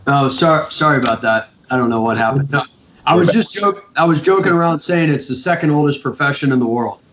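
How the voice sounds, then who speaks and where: A man co-hosts a casual podcast interview over an online call. He sounds excitable and self-deprecating and often stumbles into restarts. His voice sits fairly high and carries a roomy echo. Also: brisk, slight background noise. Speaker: podcast co-host.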